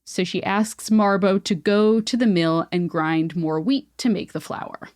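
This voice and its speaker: A woman's voice: mid-range voice, steady tone, unhurried, a little mellow, no room sound, clean studio sound. A woman podcast host retelling a folktale in playful, joking casual chat.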